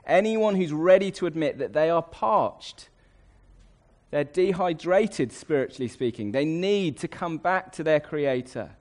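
A man delivers a sermon from a Bible passage. His voice sits a little high. He is emphatic and slows right down to stress the words that matter. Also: expressive, darkish tone. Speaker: preacher.

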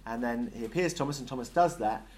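A man's voice: medium pitch, fast talker. Guy teaching a bible study, jokey, keeps asking the room questions. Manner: lively, jokey, asks the group questions.

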